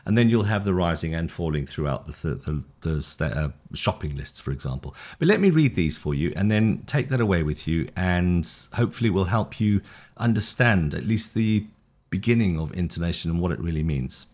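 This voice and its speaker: A man's voice: low-pitched, fairly quick. A British man teaching an online English lesson, friendly and encouraging, with a sing-song rise and fall. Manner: lively, sing-song intonation with big rises and falls; friendly, encouraging, rambling with restarts.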